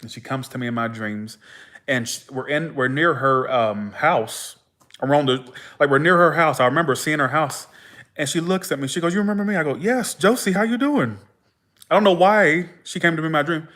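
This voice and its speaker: A man's voice: on the high side, normal speed, pushed and bright. A young man with a slightly raised voice tells his stories loosely and animatedly. He swears freely and acts out everyone who talks in his tales as he goes. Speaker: tarot livestream host. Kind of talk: casual livestream storytelling.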